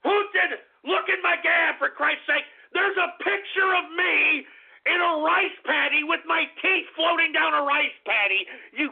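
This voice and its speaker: A man puts on a cranky old radio host with a very high, gravelly voice, who flies into shouting, cursing tirades at his listeners. He is a hot-tempered war veteran with a short fuse. The sound is thin and tinny, like a call-in phone line. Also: normal speed. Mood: outraged. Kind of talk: comedic radio character rant.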